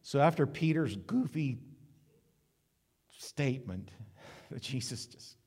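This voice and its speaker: A male pastor preaching in a church sanctuary, mid-pitched and lively, slipping into comic voices for quotes. His voice rings out with a long hall reverb around it. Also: unhurried, long pauses, slightly rough. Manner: lively, joking preacher who acts out quotes. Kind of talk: sermon.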